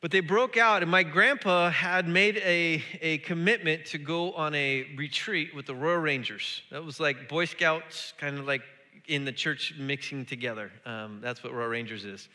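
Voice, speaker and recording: A man preaching with a very bright, forceful voice pitched a bit high. He builds up to emphatic, repeated calls. His words ring out with a long hall reverb, as in a church sanctuary. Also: normal speed. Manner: animated, rising to emphatic repetition. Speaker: pastor. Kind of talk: sermon.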